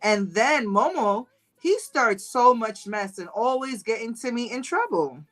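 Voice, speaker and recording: A woman's voice: a little slow, rough recording. Chatty woman gossiping on a livestream. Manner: animated storytelling, acts out quotes in higher voice, laughs often. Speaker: livestream host. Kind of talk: casual gossip chat to viewers.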